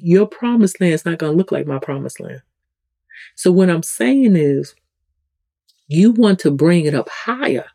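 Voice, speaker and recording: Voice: mellow, dry recording. A host with a New York accent giving a casual, rambling spiritual teaching talk, restarting sentences often. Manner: conversational, rambling, with frequent restarts; acts out quoted people with sudden pitch jumps.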